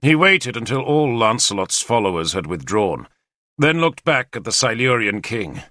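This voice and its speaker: Lively, expressive male audiobook narrator. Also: medium pitch, normal speed, no echo, studio quality. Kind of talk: scripted first-person narration.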